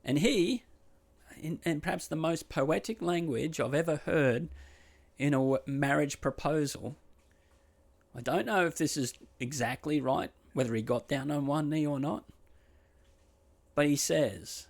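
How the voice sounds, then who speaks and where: A man's voice: on the high side, unhurried, creaky, pauses often. A man hosting a podcast, retelling a true story in a chatty, wry way. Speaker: podcast host.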